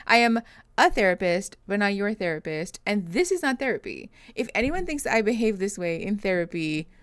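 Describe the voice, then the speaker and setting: In a dry recording, a young adult therapist's clear, resonant voice comes through at medium pitch with a fairly bright tone. Streaming reactions on a livestream, she reads comments, greets viewers, and laughs often, though she's tired and yawning.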